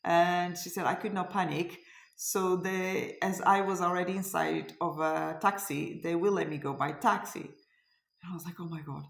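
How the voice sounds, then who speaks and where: A woman's voice: lowish voice, steady tone, normal speed, vocal fry, reverberant. A middle-aged woman from Portugal with a Portuguese accent, telling a story in a casual vlog, hesitant and searching for words. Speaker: cross stitch vlogger.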